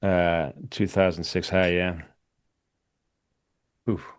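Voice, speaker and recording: Man, host, low voice, joking, chatty, lots of fillers. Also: little pitch movement, slow, smooth. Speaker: host of a live trading show. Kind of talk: casual livestream sign-off chat.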